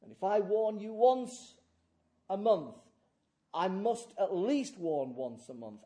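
High-voiced preacher, hushed to booming. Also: male voice. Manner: swings from hushed near-whispers to loud emphatic declamation. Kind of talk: sermon.

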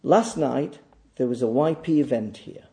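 A man preaching a sermon, emphatic and repetitive, swinging between loud declaiming and quiet asides. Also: mid-range voice, measured pace, vocal fry. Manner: emphatic, repeats phrases for stress. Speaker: pastor.

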